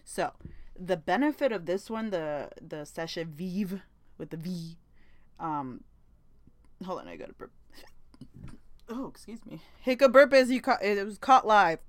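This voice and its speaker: A woman's voice: lowish voice, lively intonation, unhurried, long pauses, no room sound. A young woman hosting a podcast, chatting in a rambling, casual way, swearing freely and laughing often. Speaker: podcast host. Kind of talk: casual chat.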